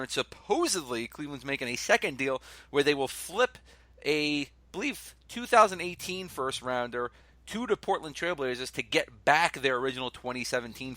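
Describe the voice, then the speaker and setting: A man's voice: medium pitch, sharp tone. A man with a Philadelphia-area accent co-hosting a casual sports podcast, laid-back and joking, with lots of fillers and restarts. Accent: Philadelphia-area American. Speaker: podcast co-host.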